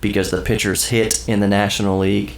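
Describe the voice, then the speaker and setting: A man's voice: on the low side, little pitch movement, fairly quick, creaky. A man from Texas, under the weather, hosting a podcast in casual chat, rambling and joking with strong opinions. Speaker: podcast host.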